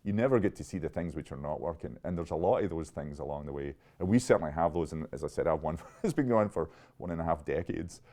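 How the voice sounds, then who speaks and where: A man in his fifties, a chemist giving an interview, telling stories in a lively, laughing way with frequent restarts. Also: rumbling low, fast talker, hardly any pauses. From Scotland. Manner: animated, laughing often, restarts mid-sentence. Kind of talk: conversational interview storytelling.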